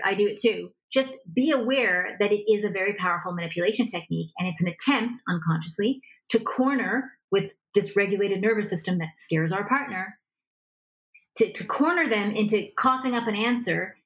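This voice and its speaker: A woman coaching on relationships as a guest in an interview, lively and acting out example dialogue as she explains. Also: medium pitch, rough recording. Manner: animated, acts out example dialogue. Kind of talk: conversational advice in a podcast interview.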